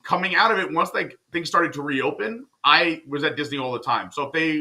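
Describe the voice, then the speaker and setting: A man guesting on a podcast, telling stories in casual, animated chat. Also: on the high side. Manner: fast, animated storyteller.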